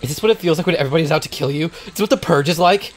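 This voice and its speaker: A man's voice: a little high, rapid-fire, music in the background. A young man co-hosting a let's play, playful and repeating silly phrases as he plays. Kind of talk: casual gameplay commentary.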